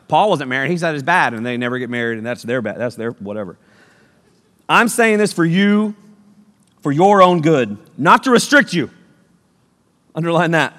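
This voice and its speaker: A man preaching a sermon, energetic and jokey, swinging between loud bursts and hushed passages. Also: mid-range voice. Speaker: youth pastor. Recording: long reverb of a large hall.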